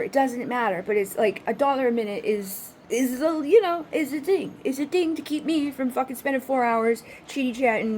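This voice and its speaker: A woman's voice: fairly high pitch, slight background noise, low-quality recording. A woman who runs a spiritual reading channel, talking in a casual, rambling monologue full of fillers, restarts and swearing. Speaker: spiritual reader and channel host.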